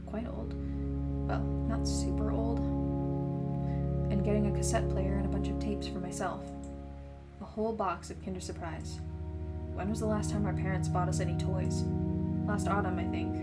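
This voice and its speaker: A young woman playing through a story game, reading its text aloud with chatty, laughing asides. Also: mid-range voice. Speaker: gaming channel host. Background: game music.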